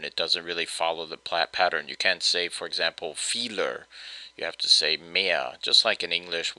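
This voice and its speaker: Low-voiced man explaining grammar. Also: pushed and bright, no echo, rough recording. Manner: patient, step-by-step explaining with fillers. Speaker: German teacher. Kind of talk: explanatory lesson.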